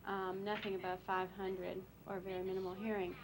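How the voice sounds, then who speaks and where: Woman explaining in a measured way. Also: medium pitch, flat delivery, a little hiss or hum, low-quality recording. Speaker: clinician explaining cochlear implants. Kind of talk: documentary explanation.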